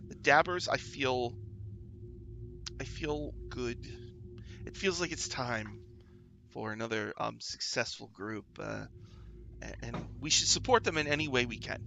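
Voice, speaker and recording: A man's voice: mid-range voice, unhurried, gravelly, long pauses, bright, forceful tone, slight background noise. A man voicing chatty, polite male elf guards at a dungeon gate, hesitating as they talk.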